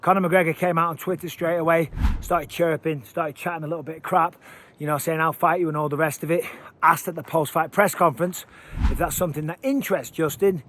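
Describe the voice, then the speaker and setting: A man's voice: a little high, fairly quick. Breathless man walking outdoors. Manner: energetic, chatty, emphatic. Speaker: MMA commentator. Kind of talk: casual walking vlog commentary. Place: outdoors by water at high elevation.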